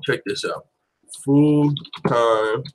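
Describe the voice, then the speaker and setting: A man hosting a daily MMA show, talking in casual live commentary with slangy, profane, animated banter. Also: mid-range voice, drawn-out words, slight background noise, poor audio.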